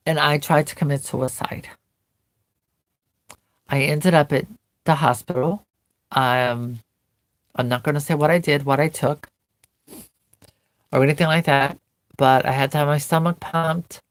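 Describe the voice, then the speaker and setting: A woman's voice: deep voice, fairly even intonation, a little slow, pauses often, dry recording. A woman vlogger earnestly recounting a painful memory, telling it in vivid present tense. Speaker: doll collector vlogger. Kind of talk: personal storytelling to camera.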